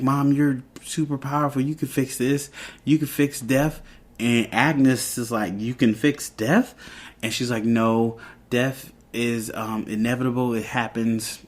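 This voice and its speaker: A man hosting a podcast, casually retelling a TV episode and acting out the characters' lines as he goes. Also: lowish voice. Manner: rambling retelling with quoted lines. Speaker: podcast host.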